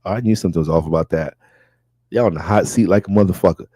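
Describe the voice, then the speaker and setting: Man, astrologer, casual reading, low mellow voice, profane, loose, dry close sound. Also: fast, breathy edge, no echo.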